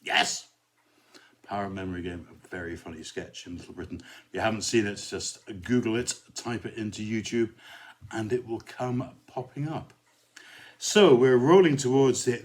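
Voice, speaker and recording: Rambling rector chatting alone to listeners. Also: male voice, on the low side, a little mellow, a little hiss or hum. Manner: rambling, chatty, many "uh" and "anyhow" asides. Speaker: rector hosting his own podcast. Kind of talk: casual solo chat and poem recitation.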